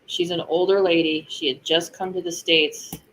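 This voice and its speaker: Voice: mid-range voice, little pitch movement, normal speed, a bit bright, a little hiss or hum, low-quality recording. A co-host in a casual live chat, chatty, often laughing and losing the thread mid-thought.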